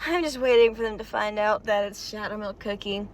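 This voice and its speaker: A woman's voice: mid-range voice, a little fast. A woman reacting to a game's story in casual, emotional vlog commentary, chatty and full of "like" fillers. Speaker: game story reaction vlogger.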